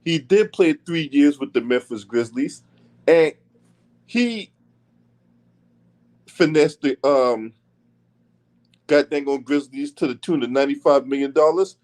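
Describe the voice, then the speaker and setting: A man's voice: a little high, measured pace, long pauses, darkish tone. A man hosting his own sports commentary channel, talking bluntly and profanely in a combative rant. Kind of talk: casual commentary.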